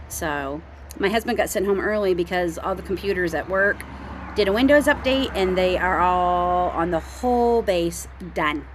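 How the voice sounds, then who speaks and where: A woman's voice: on the low side, background noise. A middle-aged woman from Canada, talking earnestly outdoors at her home as a homestead vlogger, rambling with many ums and restarts. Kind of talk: casual heartfelt talk to camera.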